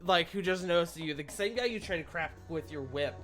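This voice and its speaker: A man narrating a tabletop game as game master, animated and laughing often, jumping into loud character quotes. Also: a little high, fairly quick, soft background music.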